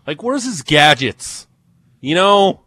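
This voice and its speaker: A man's voice: a little high, very animated, slow, bright, forceful tone, slightly rough. A man co-hosting a sports radio show, opinionated and joking in casual banter. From Ontario. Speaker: radio co-host.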